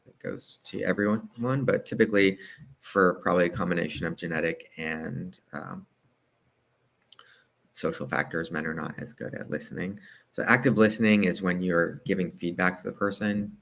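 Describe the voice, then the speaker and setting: A man's voice: low voice, fairly even intonation, normal speed, vocal fry, fairly bright tone, highs cut off. A man lecturing over slides in a casual way, asking rhetorical questions and often adding "right?" to check in.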